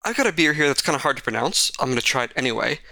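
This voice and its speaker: A man's voice: medium pitch, big pitch swings, racing, creaky, bright, forceful tone, dry recording. A man co-hosting a casual podcast chat, wry and joking with rambling asides. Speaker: podcast co-host.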